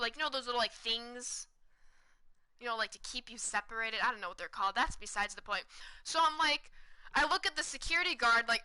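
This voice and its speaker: Young woman streamer, bright clear voice, chatty excited storyteller, slightly high. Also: low-quality recording. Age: 20s. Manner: excited, chatty, repeats words for emphasis. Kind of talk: casual storytelling to stream chat.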